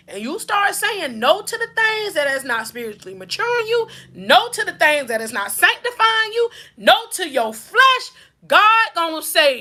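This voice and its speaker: A woman's voice: very high-pitched, very animated, moderate pace, sharp tone. A woman with a Southern US accent, a faith-based life coach giving a preaching-style motivational talk, driving her points home with rhythmic repetition and call-outs to her listeners.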